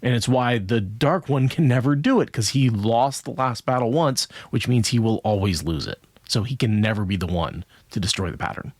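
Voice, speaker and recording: A man's voice: mid-range voice, expressive, normal speed, hardly any pauses, no echo. A man co-hosting a podcast, talking through a book in a casual, rambling way, checking in with "right?" as he goes. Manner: thoughtful, rambling with many "right?" asides. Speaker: podcast co-host.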